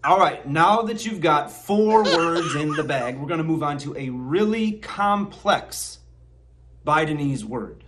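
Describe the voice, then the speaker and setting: A man's voice: a little high, lively intonation, a little slow, a bit bright, a little hiss or hum. A man presenting a comedy sketch as a mock lesson, over-enunciating each word in a mock-instructional tone.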